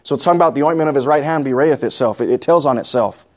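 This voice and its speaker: A man's voice: medium pitch, rapid-fire, a little mellow. A man with a New Mexican accent teaching a Bible study sermon, reading scripture aloud and explaining it plainly with questions to the congregation. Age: adult. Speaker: pastor.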